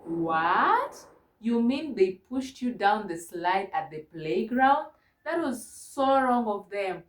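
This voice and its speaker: A woman from Kenya teaching a mock English lesson to a young child, gentle and encouraging, spelling words out slowly. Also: medium pitch, big pitch swings, roomy sound. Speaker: online ESL teacher.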